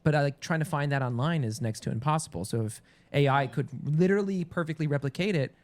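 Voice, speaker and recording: A man who acts for a living, chatting on a podcast. His voice sits a little higher than most men's. He asks curious questions and rambles along with plenty of fillers. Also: fast, darkish tone. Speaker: actor and podcast co-host. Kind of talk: casual chat.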